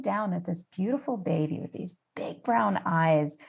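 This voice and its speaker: A middle-aged woman from the United States tells a personal story as a podcast guest. Her voice sits a little low, and she talks in an unhurried, reflective way with the odd "um". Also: creaky, breathy edge. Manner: warm personal storytelling with fillers. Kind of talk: storytelling in an interview.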